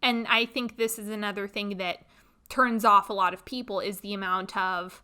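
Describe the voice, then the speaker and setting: A woman hosting a podcast, telling a personal story in a blunt, expressive, animated way. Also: medium pitch, normal speed, smooth. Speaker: podcast host. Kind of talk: casual storytelling monologue.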